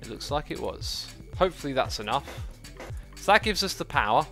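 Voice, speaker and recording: A man's voice: mid-range voice, brisk, soft background music. A man hosting a game livestream, chatting casually in a rambling, jokey way with lots of fillers. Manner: excitable outbursts, playful and jokey. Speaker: livestream host playing a game. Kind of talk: casual gaming commentary.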